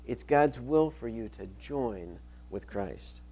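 Gravelly-voiced pastor preaching earnestly. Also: male voice, medium pitch, lively intonation, slow pace, warm tone, a little hiss or hum. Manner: earnest, repeats key phrases for emphasis, reads scripture aloud. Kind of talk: sermon.

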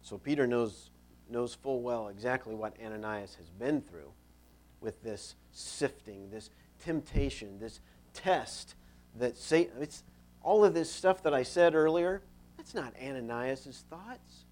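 A man's voice: mid-range voice, a little slow, darkish tone. A man preaching a sermon in a conversational, storytelling way, stressing key points.

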